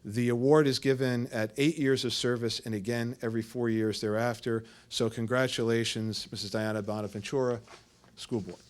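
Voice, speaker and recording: A man's voice: mid-range voice, fairly even intonation, normal speed, slight background noise. Man giving formal remarks at a board meeting. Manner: formal, with frequent hesitations.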